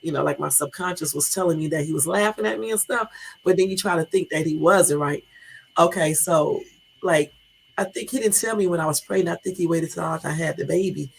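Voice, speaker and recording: A woman's voice: low voice, brisk, gravelly, slight background noise, low-quality recording. A middle-aged woman livestreaming casual chat to viewers, rambling and joking, laughing often. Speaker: livestream host.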